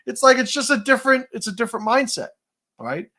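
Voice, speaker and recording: A man's voice: very high voice, sing-song, fast talker, pushed and bright. A man from New City, hosting a livestream, telling stories and answering chat comments in a profane, rambling way. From New York City. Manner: profane, storytelling, many fillers and restarts. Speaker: livestream host. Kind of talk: casual livestream talk, reading chat comments.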